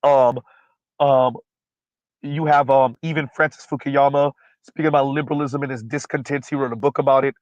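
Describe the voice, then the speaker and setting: A man's voice: mid-range voice, fairly even intonation, normal speed, no room sound, highs cut off. A man hosting a livestream, speaking bluntly and emphatically, repeating his points, and stumbling over fillers while he recalls names. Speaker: livestream host. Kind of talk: casual livestream commentary.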